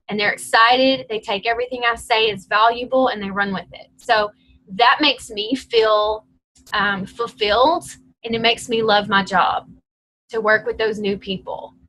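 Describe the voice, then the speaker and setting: A woman's voice: fairly high pitch, a bit bright, rough recording. A woman leading a team call, coaching her team in a direct, encouraging, chatty way.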